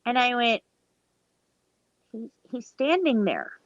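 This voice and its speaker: A woman telling a personal story in casual chat, animated and acting out quoted dialogue, with casual swearing. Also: fairly high pitch, slow, no echo. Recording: dull lo-fi sound.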